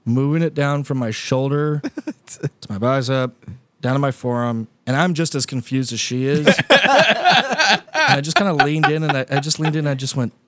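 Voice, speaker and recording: A man's voice: mid-range voice, moderate pace, a bit bright. A young man animatedly telling a funny story as a podcast host, laughing often and swearing. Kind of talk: casual storytelling.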